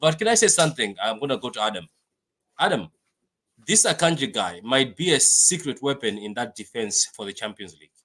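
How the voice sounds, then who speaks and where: A man hosting a fan live stream, chatting excitably about a match and reading viewer comments aloud with lots of repetition. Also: mid-range voice, brisk, husky. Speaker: fan channel host.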